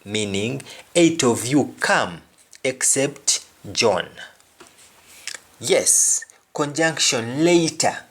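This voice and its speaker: Slow, deliberate male language teacher. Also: mid-range voice, expressive, fairly bright tone, slightly rough. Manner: slow, repeats each word and phrase. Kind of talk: explaining vocabulary with examples.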